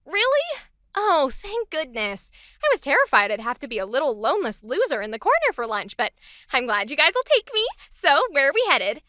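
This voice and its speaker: A bubbly, slightly clueless young office newcomer, put on by a woman in a high, bright voice. She sounds eager and apologetic, a sweet new hire. The recording is close and dry, with no room sound. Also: lively intonation, slow, clear, resonant tone, dry recording, heavily acted. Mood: cheerful.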